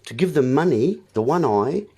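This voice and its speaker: A man's voice: a little high, expressive, moderate pace, dark tone, husky. A man hosting a livestream, giving a rambling, preachy wordplay monologue with asides to his viewers. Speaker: livestream host.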